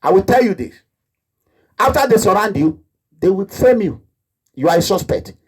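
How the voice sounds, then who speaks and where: A man's voice: high-pitched, expressive, moderate pace, a little mellow, breathy edge. A Nigerian man with a Nigerian accent in an impassioned, rambling monologue, indignant and acting out the people he quotes. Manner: rambling, indignant, breaks into laughter and acts out quoted voices. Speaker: activist.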